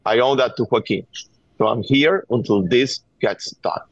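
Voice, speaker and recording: Over a dull, dry remote line, a middle-aged Venezuelan man talks at a moderate pace in a medium-pitched voice with a Venezuelan Spanish accent. He is a guest in a call-in interview, a gun violence activist who presses his point earnestly and urgently, often repeating words.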